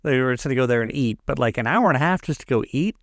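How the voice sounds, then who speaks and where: Man, co-host, casual chat, animated, expressive pitch, dry sound. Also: dry recording. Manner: animated, quick, laughs often. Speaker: podcast co-host.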